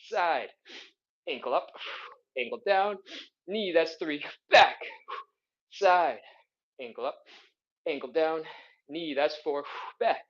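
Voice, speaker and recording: A man's voice: on the high side, muffled recording. Upbeat man coaching a live stretch workout. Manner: upbeat, counting reps, joking asides. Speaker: flexibility instructor.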